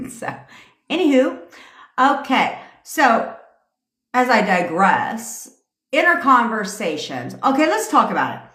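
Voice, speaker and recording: A woman's voice: fairly high pitch, big pitch swings, takes it slowly, long pauses, a bit bright, roomy sound. A woman hosting a casual live stream as a manifestation coach, ranting in a brash, profane way and laughing through her tangents.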